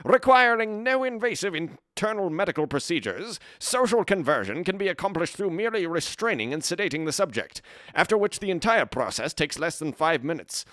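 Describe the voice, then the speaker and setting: A man voicing a grand old-time male newsreel announcer with a booming, theatrical delivery. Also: very animated, brisk, a bit bright, no echo. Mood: grandiose.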